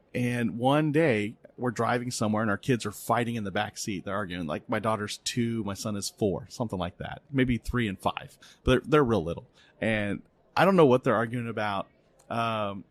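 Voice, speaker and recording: A middle-aged man hosting a podcast, telling a family story in an animated, laughing way at a conference. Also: fairly low pitch, dry recording. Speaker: podcast host. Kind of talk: casual interview chat. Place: conference venue.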